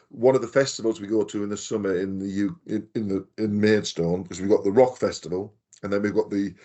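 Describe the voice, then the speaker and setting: A man's voice: on the low side, darkish tone, highs cut off. A man, chatting casually on a podcast and telling rambling stories with the odd swear word. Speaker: podcast co-host. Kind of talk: casual chat.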